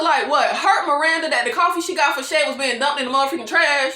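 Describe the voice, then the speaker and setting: A woman's voice: high voice, quick pace, few pauses, pushed and bright, roomy sound. A woman vlogger recapping a TV episode in a casual, exasperated rant, calling her viewers "y'all", swearing and laughing between lines. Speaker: TV review vlogger.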